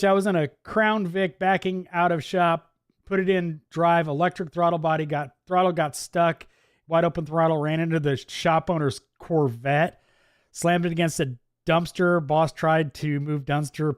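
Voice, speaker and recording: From a home office, a Wisconsin-born livestream host with a mixed Midwest and Southern US accent reads out viewer comments, laughing a lot in a laid-back, chatty manner. His voice is on the high side, and the studio-quality recording has no room sound.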